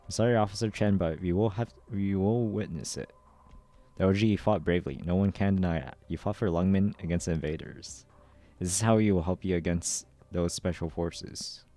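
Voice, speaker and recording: A man reads a game's story dialogue aloud on stream, covering every part. His voice is deep and mellow, and his delivery is steady and even. Quiet music plays underneath. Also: moderate pace. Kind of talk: dramatic readthrough of game dialogue.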